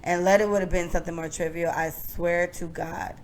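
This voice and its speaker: Animated, profane young woman storyteller. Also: on the low side, brisk, a crowd in the background. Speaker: podcast co-host. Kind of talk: casual storytelling chat.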